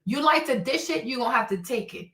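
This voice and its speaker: A woman's voice: fairly high pitch, expressive, fast, fairly bright tone, echoey room. A woman from Africa hosting a stream, ranting in a blunt, heated, profane way and repeating her points. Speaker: host. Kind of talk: livestream commentary rant.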